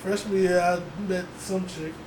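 A man's voice: high voice, level tone, normal speed, darkish tone. A young man hosting a podcast, telling stories in casual chat, laughing often and mimicking others. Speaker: podcast host. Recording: echoey room with noise.

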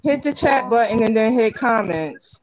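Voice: medium pitch, expressive, normal speed, muffled recording, over a noisy crowd. A podcast co-host in casual group chat, talking in an exasperated, teasing manner.

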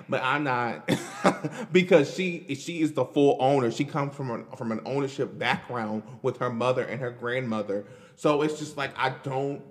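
Male podcast host, fairly high voice, emphatic and repetitive, in a reverberant space. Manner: emphatic, repetitive, stammering restarts. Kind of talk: casual solo podcast monologue.

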